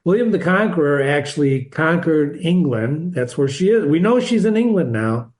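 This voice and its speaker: A man's voice: on the high side, expressive, normal speed, darkish tone. An older man reading a classic novel aloud and explaining it like a teacher, in a chatty, digressive way with chuckling asides. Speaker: reader and teacher.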